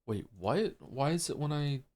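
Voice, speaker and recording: A man's slightly high, slightly mellow voice comes through animated at a normal speed as he streams from home. Losing his voice, he chats loosely with viewers, rambling with frequent fillers and restarts.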